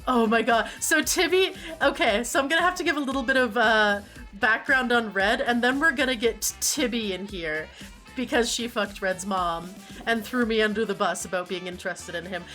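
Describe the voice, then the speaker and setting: A woman's voice: a little high, moderate pace, sharp tone, soft background music. A woman streamer chatting casually and animatedly, laughing often and swearing freely.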